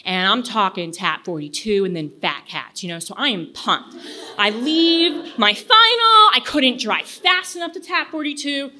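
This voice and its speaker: A young woman tells a personal story in a casual, frank way, dropping curses and acting out each quote. Her voice sits fairly high and sounds bright and forceful. Her pitch swings widely as she talks. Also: unhurried. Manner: chatty, animated, frank and profane, acts out quotes.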